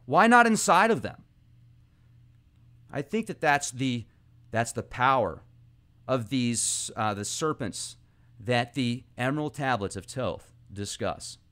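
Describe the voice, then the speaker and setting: Animated man musing on myths. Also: medium pitch. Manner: animated, excitable, speeds up and slows down. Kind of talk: casual esoteric monologue.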